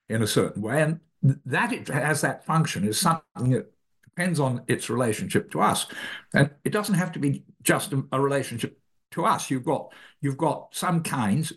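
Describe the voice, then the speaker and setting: A man being interviewed as an author, explaining ideas thoughtfully, pausing and correcting himself often. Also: mid-range voice. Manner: thoughtful, halting, self-correcting. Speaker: author guest. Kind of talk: academic interview answer.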